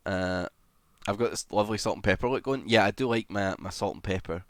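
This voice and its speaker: A young man chats casually on a livestream, reeling off greetings to viewers and dropping swear words as he goes. His voice sits fairly low. The sound is dry and close, with no room echo. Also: fairly quick.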